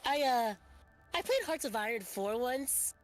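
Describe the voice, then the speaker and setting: A woman's voice: on the high side, lively intonation, a little slow, faint music behind. A woman guest on a game livestream, chatting casually and rambling with restarts. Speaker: guest streamer.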